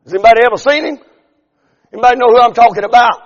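A middle-aged male pastor preaching a sermon, building to shouted, drawn-out lines. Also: very high voice, in a large hall, dull audio. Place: church sanctuary.

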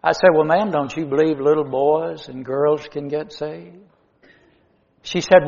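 A middle-aged man preaching a sermon in a church, rising to loud emphasis and dropping to hushed line endings. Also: a little high, steady tone, unhurried, vocal fry, big-room sound, lo-fi sound.

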